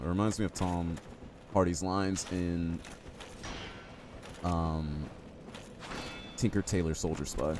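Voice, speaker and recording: A man's voice: deep voice, fairly even intonation, slow pace, pauses often, noisy background. A man streaming a game live, chatty and jokey, reacting to the game and talking to his chat. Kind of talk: live gameplay commentary.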